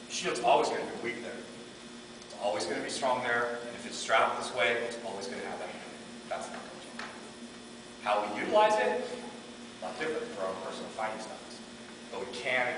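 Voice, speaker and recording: A middle-aged man teaching a martial arts class, telling animated stories and acting out quotes. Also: medium pitch. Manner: animated storyteller, acts out quotes, laughs often. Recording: echoey hall from far off, background noise.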